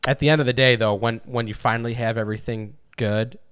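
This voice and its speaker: A man's voice: mid-range voice, steady tone, fast, a bit bright, clean tone, no room sound. A young man co-hosting a casual chat, profane and mocking, often slipping into sarcastic mimicry of others. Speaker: podcast co-host.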